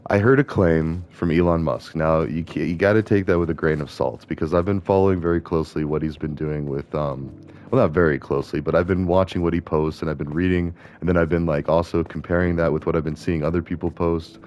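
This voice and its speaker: A man's voice: low-pitched, fairly even intonation, brisk, a little mellow. A young man ranting and rambling in casual commentary while playing a video game. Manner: ranting, indignant, digressive. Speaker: gaming vlogger.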